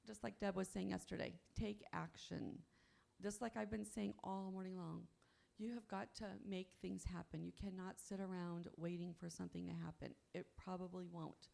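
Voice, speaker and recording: A woman's voice: lowish voice, steady tone, moderate pace, vocal fry, darkish tone. A woman speaking at a convention, giving an upbeat motivational talk and often asking her audience "you know what?". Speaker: conference speaker. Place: on stage at a convention.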